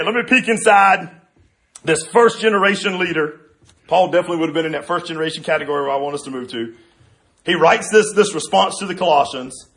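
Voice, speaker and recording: A male pastor preaches in an animated, joking manner, often restarting his phrases. His voice is high for a man and his pace is quick. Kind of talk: sermon.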